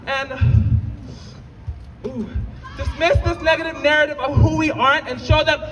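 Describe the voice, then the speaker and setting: A woman in her twenties from Utah giving an emotional rally speech, at times tearful and shouting to the crowd. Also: sits high, fairly even intonation, moderate pace. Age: 20s. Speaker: rally speaker. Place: outdoor rally in a city. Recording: distant outdoor rally recording with crowd and echo. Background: crowd noise.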